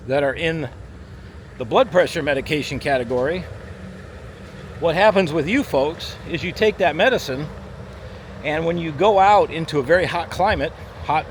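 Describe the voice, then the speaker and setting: A man, a firefighter paramedic, talking bluntly and emphatically to camera on a walk-and-talk vlog outdoors. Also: a little high. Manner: blunt, emphatic, acts out body parts in voices. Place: outdoors in a theme park area. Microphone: handheld camera while walking. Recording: faint street and traffic noise outside.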